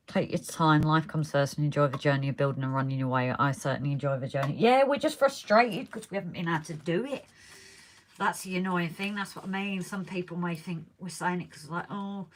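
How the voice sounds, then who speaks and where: A woman with a low voice, carrying a slight hiss or hum, chats on a casual live stream while working on her indoor model railway. She reads viewers' comments out loud, and her voice is giving out.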